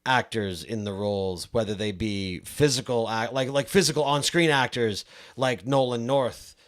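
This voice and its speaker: A man's voice: medium pitch, normal speed. A man hosting a podcast, chatting casually and enthusiastically, rambling a little. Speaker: podcast host. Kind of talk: casual podcast interview chat.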